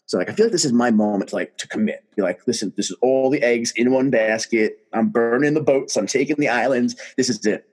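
Husky-voiced man telling a story. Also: medium pitch, brisk. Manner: animated, emphatic storyteller. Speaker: guest. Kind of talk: casual conversation, storytelling.

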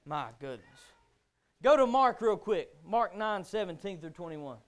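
A man preaching a sermon, building to shouts and firing rhetorical questions. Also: sits high, lively intonation, normal speed.

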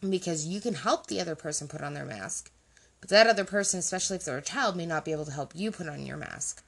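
A woman's voice: sits low, animated, quick pace, gravelly, slightly rough. A woman chatting casually as a podcast co-host, explaining her points and often checking in with "right?". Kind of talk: casual conversational chat.

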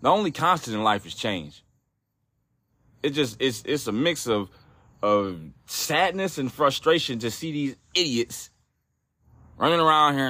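A man's voice: on the high side, lively intonation, normal speed, bright, forceful tone, slightly rough, no echo. A man hosting a solo podcast, ranting in a profane, exasperated way with frequent restarts. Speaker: podcast host.

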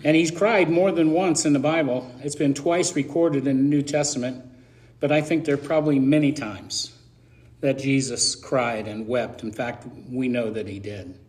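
A man's voice: medium pitch, fairly even intonation, normal speed, a little mellow. A middle-aged man preaching a sermon in a conversational, emotional way, with self-deprecating asides.

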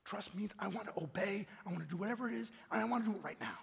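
A man preaching a sermon and leading prayer as pastor, animated and emphatic, repeating words as he builds. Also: sits high, very fast, vocal fry, slightly rough, in a large hall.

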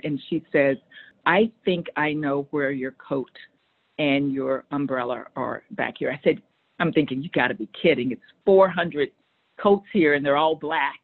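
A woman's voice: sits low, unhurried. Storytelling woman on a tinny line. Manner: animated, acts out quoted voices. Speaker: guest telling a story. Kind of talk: conversational storytelling.

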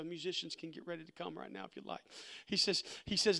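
A man's voice: a little high, fairly even intonation, fast talker, vocal fry, sharp tone. A man preaching a sermon, impassioned, who repeats words and acts out the lines of the story.

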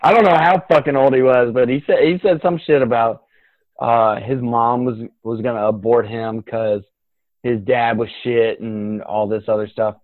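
A man's voice: mid-range voice, steady tone, normal speed, no room sound. A man in casual comedic podcast chat, swearing freely, laughing often and acting out what people said. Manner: profane, laughing, acts out crowd voices. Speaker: podcast co-host. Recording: tinny phone-like line.

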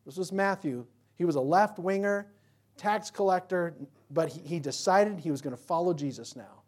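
Male pastor delivering a sermon; emphatic preacher, animated, fond of rhetorical questions. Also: high voice, moderate pace. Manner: animated, swinging from loud to quiet.

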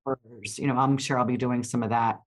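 This is an older woman with a very low, deep voice. She co-hosts a podcast in a loose, rambling way, full of fillers, restarts and side turns. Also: flat delivery, fairly quick. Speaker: podcast co-host. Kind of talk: casual chat.

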